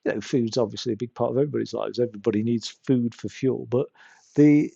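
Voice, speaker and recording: A man's voice: mid-range voice, fast, gravelly, mellow, dull audio, slight background noise. A young man streaming a game, chatty and self-mocking as he plays. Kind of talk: casual live-stream commentary.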